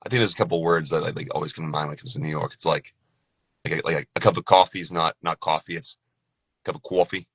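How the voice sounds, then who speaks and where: A man's voice: extremely low pitch, steady tone, fast, fairly bright tone, husky, no room sound. A man, a voice actor, chatting loosely and joking after a few drinks. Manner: loose, joking, laughs often. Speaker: voice actor guest. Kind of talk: casual tipsy chat.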